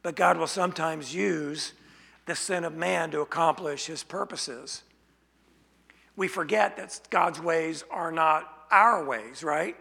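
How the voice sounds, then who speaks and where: A man preaching an expository sermon, speaking slowly and deliberately and asking rhetorical questions. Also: fairly high pitch, gravelly, sharp tone, husky. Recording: long hall reverb.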